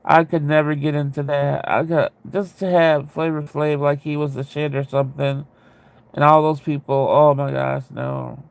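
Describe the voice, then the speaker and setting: A man chatting casually with viewers, rambling and candid, with a ready laugh and a gravelly voice. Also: fairly high pitch, little pitch movement, moderate pace. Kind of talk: casual chat.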